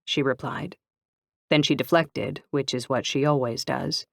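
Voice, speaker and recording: A woman's voice: rumbling low, normal speed, no echo. Woman narrating a novel, dry close sound. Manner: even, clear storytelling. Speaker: audiobook narrator. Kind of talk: first-person novel narration.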